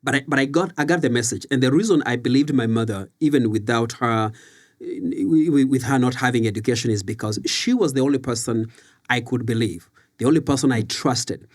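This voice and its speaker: Man from Kenya, podcast guest, mid-pitch, earnest storyteller, reflective delivery. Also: brisk. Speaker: guest, leadership coach and author. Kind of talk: conversational storytelling.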